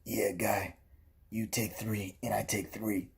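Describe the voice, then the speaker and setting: A man's voice: on the low side, fairly even intonation, slow pace, creaky, slightly rough, exaggerated voice. A man doing a panicky young buddy. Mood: stressed. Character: panicky young male friend.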